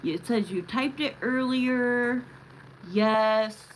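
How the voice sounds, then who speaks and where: A woman reading tarot on a live stream, chatting casually with viewers, calling them love and honey, with sudden loud excited bursts. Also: on the high side, very slow, slight background noise, poor audio. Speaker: livestream tarot reader.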